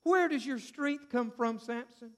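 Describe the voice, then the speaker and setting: Male preacher putting on a high, sing-song temptress who wheedles and begs, sermon retelling. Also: a little slow. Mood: coaxing. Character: coaxing, pleading biblical temptress woman. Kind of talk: sermon storytelling.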